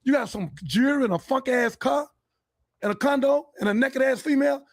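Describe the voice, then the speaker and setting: A man hosting a podcast, delivering a fiery, profane, preachy monologue and breaking into shouts. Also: very high voice, brisk. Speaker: podcast host. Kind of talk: heated monologue.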